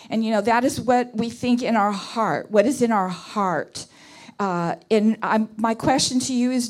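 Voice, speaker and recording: A woman's voice: medium pitch, darkish tone. A woman, an intercessor, giving an earnest prayer talk at a church conference, restarting phrases and piling up words for emphasis.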